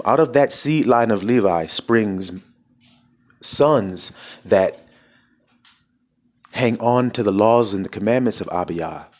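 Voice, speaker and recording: Low-voiced blunt, profane male preacher. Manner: blunt and profane, firing rhetorical questions at listeners. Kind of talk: informal sermon.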